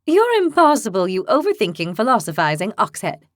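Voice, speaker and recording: A woman's voice: fairly high pitch, expressive, moderate pace, no echo, clean studio sound, pitched above the performer's own voice, natural voice. A woman voicing a hot-tempered young horned woman who speaks bluntly and sarcastically. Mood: exasperated.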